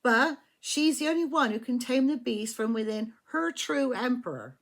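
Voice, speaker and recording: With a fairly high pitch, lively intonation, and moderate pace, a woman gives a chatty, casual tarot reading against slight background noise. She swears freely and keeps asking "do you know what I mean".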